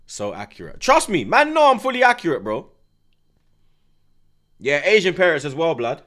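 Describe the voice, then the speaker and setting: A man hosting a live football watchalong, talking in excitable, slang-heavy banter. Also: on the high side, normal speed, pauses often. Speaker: host. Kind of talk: live match watchalong commentary.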